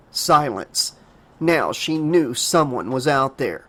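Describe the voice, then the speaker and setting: A man narrating a horror audiobook dramatically, raising his pitch for a frightened girl's lines. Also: animated, slow, a bit bright. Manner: emotive reading, voices the girl in a higher pitch.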